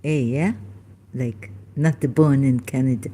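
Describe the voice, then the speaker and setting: A woman's voice: extremely low pitch, fairly even intonation, unhurried, warm tone. A woman, rambling through a personal story in a meandering, self-interrupting way and mimicking how people pronounce words. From Pakistan. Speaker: vlogger.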